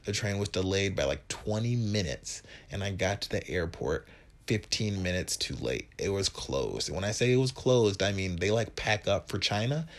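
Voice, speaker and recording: A man in his twenties from Wisconsin, hosting a podcast and telling a comic story in a profane, animated, self-mocking way. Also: low-pitched, moderate pace. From Wisconsin, USA. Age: 20s. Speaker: podcast host. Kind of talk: comedic storytelling monologue.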